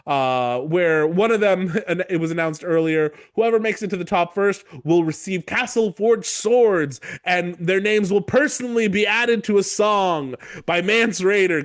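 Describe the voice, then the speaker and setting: A man hosting a casual book-club podcast, retelling chapters in an animated way with frequent swearing and laughter. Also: high voice, no echo, clean studio sound. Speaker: podcast host.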